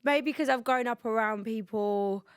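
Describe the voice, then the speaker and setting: A young woman, chatting loosely as a podcast guest. She mocks herself and laughs easily. Her voice sits on the high side and sounds close and dry. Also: measured pace, smooth, no echo. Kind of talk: casual chat.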